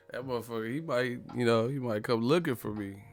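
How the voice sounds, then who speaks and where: A man's voice: mid-range voice, normal speed, faint music behind. A man hosting a livestream, ranting comedically in a loose, profane way and laughing often. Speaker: livestream host.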